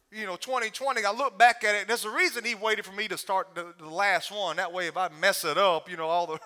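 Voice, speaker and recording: Guest-preaching a storytelling sermon, a man with a high-pitched voice is animated and funny, frequently breaking into laughter.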